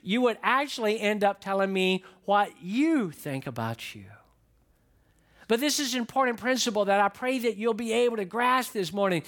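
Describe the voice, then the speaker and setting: An earnest male pastor preaching to his congregation in a fairly high voice. He speaks directly to his listeners and circles back to repeat his main points for emphasis. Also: very animated, normal speed, fairly bright tone. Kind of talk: sermon.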